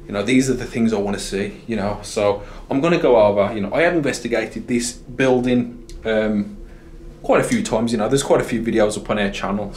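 A man out of breath, casually narrating as he explores an old building, excitable and swearing when startled. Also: lowish voice, a little hiss or hum. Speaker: paranormal investigator host.

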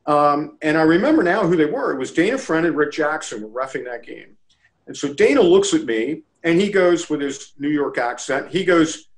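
A man's voice: on the high side, measured pace, poor audio. A man guest in a casual interview, from the Baltimore area, telling a story and acting out quotes. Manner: animated storyteller, acts out quotes. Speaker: interview guest, lacrosse official.

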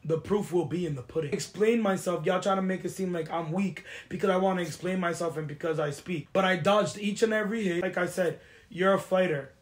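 A young woman from the US East Coast hosting a chat show, ranting in a confrontational, animated way and slipping into Spanish phrases. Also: on the low side, brisk. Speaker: podcast host. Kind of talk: heated casual chat.

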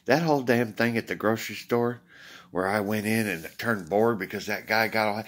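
A man's voice: on the low side, moderate pace, fairly bright tone. A man talking to viewers in a rambling, casual monologue, swearing freely, tired after a short night's sleep. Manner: rambling, swears freely, acts out quoted exchanges. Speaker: vlogger addressing viewers.

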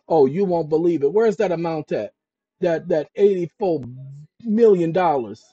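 A man's voice: fairly high pitch, moderate pace, husky, dry recording. A man hosting a channel, explaining legal procedure to viewers in an emphatic, conversational way and thinking aloud as he looks through documents. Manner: emphatic, addresses viewers as ladies and gentlemen. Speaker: channel host. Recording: dull lo-fi dry recording.

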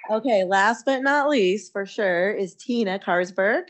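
A woman with a mid-pitched voice hosts an online event and hands over to the next speaker. She keeps things brisk and encouraging. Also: noisy background. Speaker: event moderator. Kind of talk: introducing speakers in a webinar.

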